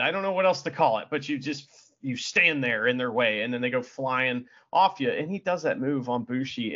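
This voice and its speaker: A man's voice: mid-range voice, sharp tone, highs cut off. A man co-hosting a podcast, rambling with many fillers and plenty of enthusiasm. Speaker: podcast co-host. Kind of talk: casual chat.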